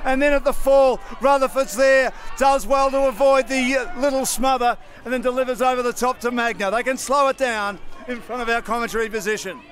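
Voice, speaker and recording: An Australian man giving fast play-by-play commentary on a local football match from an outdoor commentary position, raising his voice at key moments. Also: extremely high pitch, steady tone, a faint crowd. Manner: rapid play-by-play, rising to shouts at key moments.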